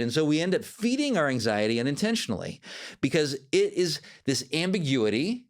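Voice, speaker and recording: Speaking a little fast in a voice on the high side, a life coach hosting a podcast gives an animated, conversational motivational monologue.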